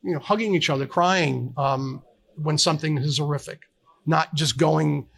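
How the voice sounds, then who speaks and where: A man's voice: on the high side, creaky, a bit bright. A middle-aged man, a fire service counselor, talking earnestly as a guest in a live interview, often restarting his sentences. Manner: earnest, halting with many restarts. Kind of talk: candid conversational interview. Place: live podcast at a trade conference.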